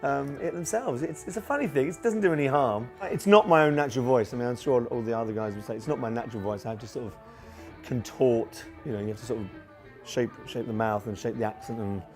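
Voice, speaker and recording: A man's voice: medium pitch, quick pace, faint music behind. A man in his forties, a tribute performer, chatting in a documentary interview with lots of fillers and restarts. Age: 40s.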